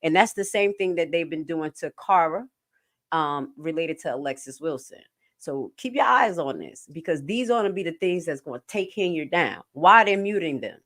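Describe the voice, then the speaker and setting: Woman streamer, emphatic and jokey, lowish voice. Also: normal speed. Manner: animated, emphatic, jokey asides. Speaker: livestream host. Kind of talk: casual commentary livestream.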